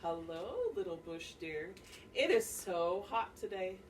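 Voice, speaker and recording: A woman voicing a lazy, greedy male spider trickster from a storybook who turns demanding and shouts when his trick fails, recorded from a distance. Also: lowish voice, a little slow, a little hiss or hum, close to an everyday voice. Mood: coaxing. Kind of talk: read-aloud storybook voice. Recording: distant mic, faint classroom ambience.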